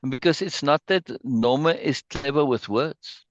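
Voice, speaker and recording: A man's voice: on the high side, a little slow, dull audio, a little hiss or hum. A man leading an online meeting, emotionally praising a poem and reading it aloud, repeating words as he goes. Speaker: spiritual group leader. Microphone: video call.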